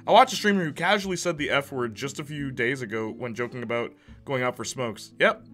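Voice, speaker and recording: A man's voice: medium pitch, brisk, fairly bright tone, faint music behind. A young man from Canada, a streamer chatting casually with his viewers, loose and joking, laughing often. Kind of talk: casual chat, reading live chat.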